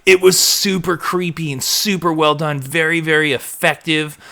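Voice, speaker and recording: Rambling, animated male live show host. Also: fairly high pitch, moderate pace, creaky. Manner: rambling, animated, acts out quotes. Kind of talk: casual live recap chat.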